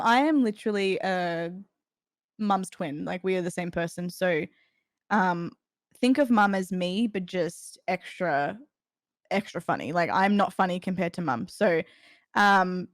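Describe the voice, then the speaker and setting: A young Australian woman in her twenties, with a lowish voice recorded in studio quality with no room sound, chats casually as an interview guest. Giggly and talkative, she laughs often between stories and restarts sentences as they trail off.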